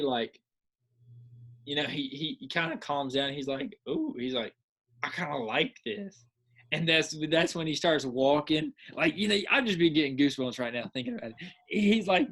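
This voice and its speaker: A man on a casual podcast, talking in an excitable, rambling way. His voice is husky and sits a little high for a man. He keeps acting out his own reactions as he goes. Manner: repeats filler words. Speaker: podcast co-host. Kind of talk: casual chat.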